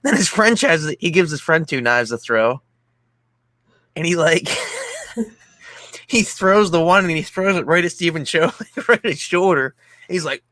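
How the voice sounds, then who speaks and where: Male co-host, casual streamer, lively scene recaps, dry close mic. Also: on the high side, brisk, no room sound. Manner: animated retelling, laughs often. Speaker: podcast co-host. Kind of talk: casual movie chat on a stream.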